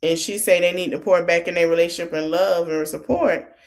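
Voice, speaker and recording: Speaking a little fast with fairly even intonation, this woman's lowish voice walks through a TV episode on her podcast. She quotes every line of dialogue as she retells the scenes, keeping it loose and conversational with plenty of fillers.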